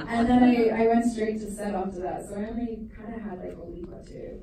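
A young Australian woman chats at a Q&A, stringing her thoughts together with plenty of fillers. Her voice is picked up from far off. A very echoey theater and a clear crowd murmur surround it. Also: mid-range voice, fast talker, hardly any pauses. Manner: chatty, filler-heavy, self-deprecating. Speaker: guest actress. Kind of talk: casual Q&A talk. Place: theater stage.

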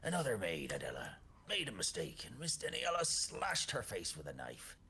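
A man's voice: low voice, wildly swooping pitch, moderate pace, creaky, pushed and bright, a little hiss or hum, full character voice. A man voicing a frightened young female castle maid in a put-on Irish accent, dramatic and whimpering. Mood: fearful.

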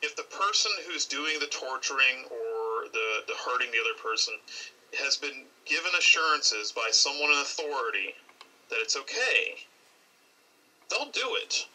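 A man explaining something in a casual discussion, halting and restarting often. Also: mid-range voice, big pitch swings, sharp tone, recorded from a distance, rough recording. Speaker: discussion participant.

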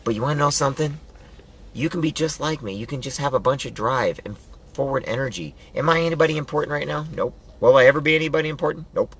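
Loud, preachy motivational man. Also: on the high side, fast, slight background noise. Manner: loud, preachy, rising to yelling; repetitive rallying commands. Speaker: motivational vlogger. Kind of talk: motivational pep talk.

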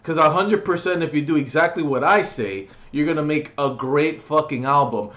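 A man's voice: a little high, normal speed, fairly bright tone. Profane ranting young man. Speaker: vlogger reviewing music. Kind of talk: comedic rant.

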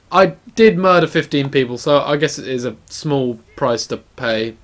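A young man giving excited, sweary commentary on his gameplay and talking back to game characters. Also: fairly high pitch, moderate pace, few pauses. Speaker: gaming channel host.

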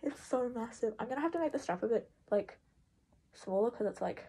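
A teenage girl from Australia unboxing a mask, gushing and breathless, shaky with excitement and swearing often. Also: on the high side, brisk, slight background noise, rough recording. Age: teens.

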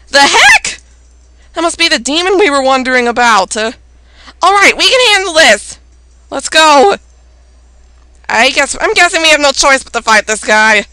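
A woman hosting a let's play, commentating and reading game dialogue aloud, excitable and prone to shrieks. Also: sits high, smooth, no room sound. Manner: excitable, squeals and shrieks at surprises.

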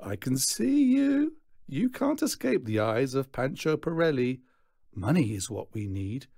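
A man's voice: medium pitch, very animated, a little slow, creaky, a little mellow, dry recording, clean studio sound, voice pushed up, heavily acted. A man doing a theatrical coaxing showman.

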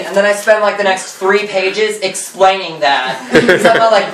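A man's voice: sits high, normal speed, echoey room, background noise. A young man comically retelling a play at a cast party, giggling and acting out every part, recorded on a phone from a distance. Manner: giggly, acts out all the parts. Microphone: phone camera at a distance.

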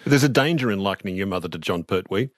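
A man's voice: sits low, expressive, fast talker, no echo, clean studio sound. A man with an Australian accent interviewing a guest in a playful, prompting way. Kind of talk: conversational interview.

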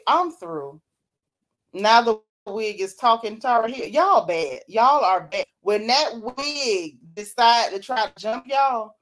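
A woman hosting a casual chat, reading out comments from viewers and laughing often. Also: fairly high pitch. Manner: animated, laughing, Southern-style slang. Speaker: host.

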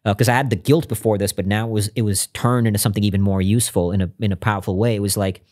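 A man's voice: fairly low pitch, fairly even intonation, very fast, a little mellow. A man speaking as a podcast guest, telling a personal story in an earnest, reflective way with frequent restarts.

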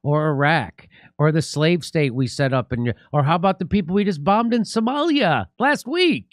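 Middle-aged man, host, sarcastic political talk, deadpan jokes, dry close sound. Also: fairly high pitch, moderate pace, dry recording. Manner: mocking, deadpan jokes, laughs at own lines.

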